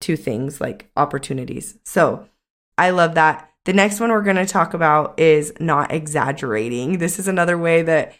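A woman's voice: deep voice, normal speed, fairly bright tone. A young adult woman co-hosting a casual podcast chat as a coach, talking in a chatty way with many "like" fillers.

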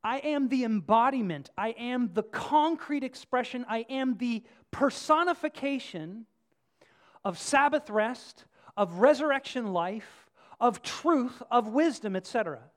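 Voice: medium pitch, expressive, measured pace. A preacher giving a conversational sermon, casual and joking, chatting with the congregation and stressing key phrases.

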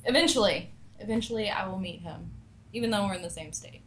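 A woman's voice: medium pitch, fast talker, fairly bright tone, slight background noise. A woman from Tennessee with a Southern accent, a guest chatting easily on a talk radio show. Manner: easygoing, short replies. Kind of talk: casual talk radio chat.

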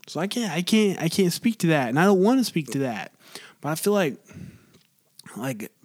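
A man's voice: fairly high pitch, big pitch swings, moderate pace. A young man hosting a solo podcast, rambling casually with lots of restarts and filler words. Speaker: podcast host.

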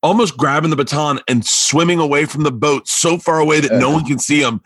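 Fairly high-pitched and fairly quick, a male comedian guest with a breathy edge trades casual stories, getting animated, stammering through restarts, and voicing the people he quotes. There's no echo on the recording.

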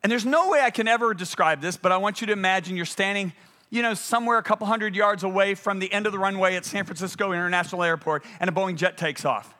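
The guest preacher's voice is high, fast, pushed and bright as he tells a story in his sermon. He voices quotes dramatically and bursts into energy without warning, and the audio is played from a church stream.

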